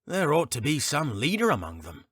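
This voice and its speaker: A man's voice: fairly high pitch, wildly swooping pitch, normal speed, fairly bright tone, slightly rough, pitched above the performer's own voice, exaggerated voice. A man voicing a chatty, chuckling male innkeeper in an audiobook. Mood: gossipy. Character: chuckling middle-aged male innkeeper, gossipy. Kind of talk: audiobook character reading.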